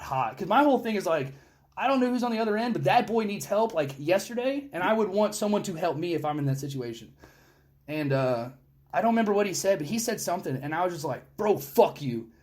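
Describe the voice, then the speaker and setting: A young man hosting a podcast, telling war stories in casual chat, animated and full of cursing. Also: sits high, fast. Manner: animated, profane storytelling. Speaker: podcast host.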